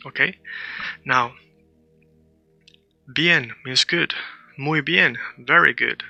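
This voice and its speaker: Very bright-voiced male Spanish teacher. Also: medium pitch, extremely slow, creaky, no echo, dull audio, faint music behind. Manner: explanatory, repeats words for practice. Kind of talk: casual language lesson.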